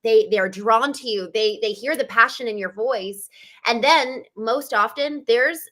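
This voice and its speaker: Woman, podcast host, bright and fairly high voice, upbeat and affirming. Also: unhurried. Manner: enthusiastic, affirming. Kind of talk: interview.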